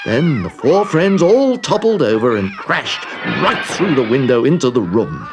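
Male narrator reading a storybook, lively intonation, faint music behind. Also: mid-range voice, measured pace. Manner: expressive, animated.

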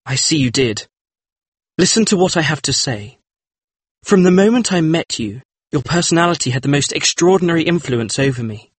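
A man's voice: on the high side, animated, moderate pace, slightly rough, no echo. An actor playing an earnest, troubled male painter in a dramatized audiobook, speaking in a pleading, sincere way. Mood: confessional. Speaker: painter character.

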